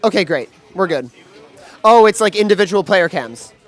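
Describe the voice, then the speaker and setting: A man doing live play-by-play commentary at a gaming event, excitable and full of fillers and restarts. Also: high-pitched, normal speed. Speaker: esports commentator.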